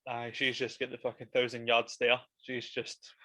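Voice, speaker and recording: Man, bright tense tone, dry sound, laughs a lot. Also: mid-range voice, monotone, moderate pace, no echo. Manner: laughs often, sweary. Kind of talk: casual chat recapping a horror film.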